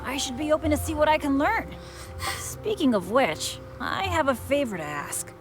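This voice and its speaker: A woman's voice: high-pitched, very animated, moderate pace. A woman voicing a cheerful, self-deprecating teenage boy adventurer in a video game, eager and bouncy. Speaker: game character. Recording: game audio with loud background music.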